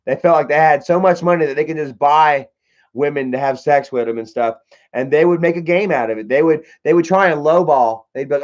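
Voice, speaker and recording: A man's voice: on the high side, brisk, darkish tone. A young man on a livestream, telling loose, profane stories in a slightly raised voice. The audio is dull and lo-fi, like a cheap stream mic. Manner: swearing, laid-back storytelling. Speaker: livestream host. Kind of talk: casual storytelling livestream.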